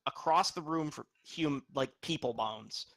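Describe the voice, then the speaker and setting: A man runs a tabletop game as game master, with a bright, slightly high voice. He sets scenes and calls for rolls, often breaking off and restarting his sentences. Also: unhurried, low-quality recording. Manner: descriptive, restarts mid-sentence.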